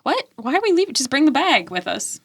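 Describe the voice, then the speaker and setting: A woman's voice: sits high, big pitch swings, brisk. A woman playing a tabletop game, chatting casually with the group. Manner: chatty, laughing often. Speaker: player.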